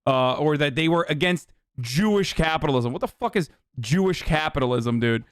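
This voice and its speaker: Streamer guy reacting to clips, swears a lot, blunt, smooth slightly high voice, dry sound. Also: lively intonation, moderate pace, no echo. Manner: profane, blunt, laughing scorn. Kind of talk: casual reaction commentary.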